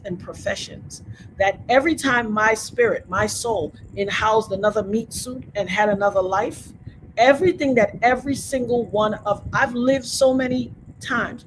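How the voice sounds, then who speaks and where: A woman's voice: fairly high pitch, slight background noise, rough recording. Emphatic woman lecturing her stream chat. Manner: emphatic, preachy, talks straight to viewers. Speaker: livestream host. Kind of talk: casual livestream rant to chat.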